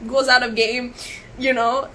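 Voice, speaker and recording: Woman, emotional, livestream retelling, rambling, restarts, higher voice. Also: flat delivery, measured pace, bright, forceful tone, a little hiss or hum, rough recording. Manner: rambling, repeats and restarts herself. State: upset and emotional. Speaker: live streamer. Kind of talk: live stream recounting events. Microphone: webcam or phone on a live stream.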